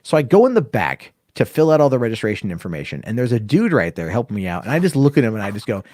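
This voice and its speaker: A man's voice: lowish voice, fast, no echo, clean studio sound. A man hosting a casual podcast, telling a long story with plenty of swearing and acting out the other people's lines. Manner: profane, animated storyteller acting out dialogue. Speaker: podcast host.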